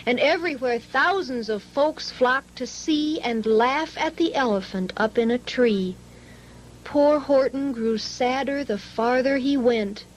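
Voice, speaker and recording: A woman reading a rhyming children's story aloud in an expressive, singsong storytelling manner. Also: high-pitched, unhurried, a little hiss or hum, rough recording.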